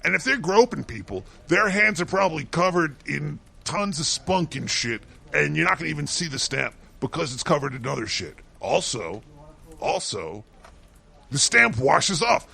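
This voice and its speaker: Brief: male co-host, raised pitch, very gravelly, swears through a mocking rant. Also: very animated, moderate pace, sharp tone. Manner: ranting, swears constantly, mocking. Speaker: co-host doing a segment. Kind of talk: profane comedic rant.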